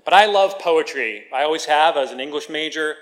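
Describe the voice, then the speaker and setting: A pastor with a somewhat high voice delivers a sermon. He reads scripture in a measured, careful way. Then he turns chatty and playful, joking with his congregation. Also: a bit bright.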